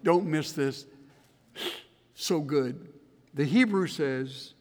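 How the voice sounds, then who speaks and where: A male pastor preaching a sermon in an earnest voice that swings into loud, emphatic bursts. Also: fairly high pitch, drawn-out words, pauses often. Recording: reverberant hall.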